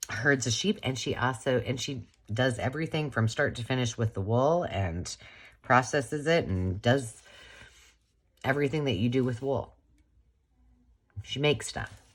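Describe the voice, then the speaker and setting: A woman's voice: very deep voice, slight background noise. A woman hosting a crafting channel, chatting casually and gushing as she unboxes a gift.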